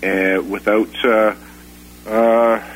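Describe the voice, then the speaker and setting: Super low voiced guy on a talk radio show, lots of ums and restarts, faint hum behind him. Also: little pitch movement, low-quality recording. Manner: halting, many fillers and restarts. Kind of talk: casual talk-radio conversation.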